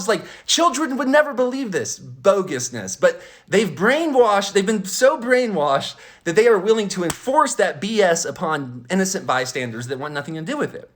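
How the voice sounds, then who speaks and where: A man telling a story as a podcast host, indignant and animated, acting out both sides of an argument with many restarts and stammers. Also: high voice. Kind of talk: ranting storytelling monologue.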